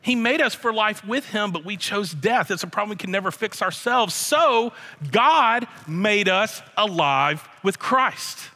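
A man preaching a sermon as pastor, emphatic, slowing down and repeating his key phrases. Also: sits high, animated, pushed and bright. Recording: long hall reverb.

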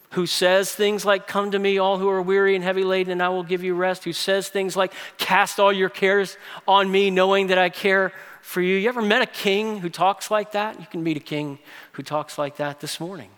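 Male pastor, bright and high-pitched, dynamic sermon delivery, long hall echo. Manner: dynamic preaching, swings from loud emphasis to hushed tones. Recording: echoey hall reverb.

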